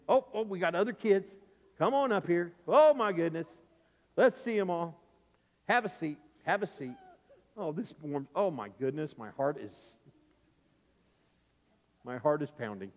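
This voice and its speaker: A man preaching a children's sermon with a lively, storytelling manner, slipping into the voices of the people in the story. His voice sits high for a man. The sound carries the long reverb of a church sanctuary. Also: unhurried, long pauses, dull audio. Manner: animated, playful, acts out the story's voices. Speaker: pastor.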